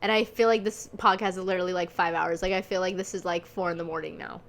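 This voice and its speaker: A woman's voice: on the low side, fairly even intonation, quick pace, gravelly, fairly bright tone. A woman hosting her own podcast, rambling and gushing in a casual solo monologue, swearing freely and leaning on lots of fillers. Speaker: podcast host.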